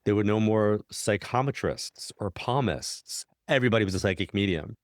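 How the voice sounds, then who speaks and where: New guy, middle-aged, real low voice, tells stories and does the voices of people he quotes. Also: moderate pace, dry recording, studio quality. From New York. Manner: animated, acts out quoted dialogue with big pitch jumps. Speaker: guest, psychic medium. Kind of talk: conversational storytelling.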